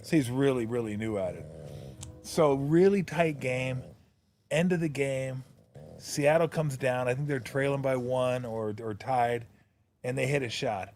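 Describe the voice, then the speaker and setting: A man hosting a casual podcast, telling stories in a lively way and laughing at his own punchlines. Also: medium pitch, a little slow, faint music behind. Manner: animated storyteller, laughs through punchlines. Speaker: podcast host, former NBA broadcaster. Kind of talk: casual storytelling chat.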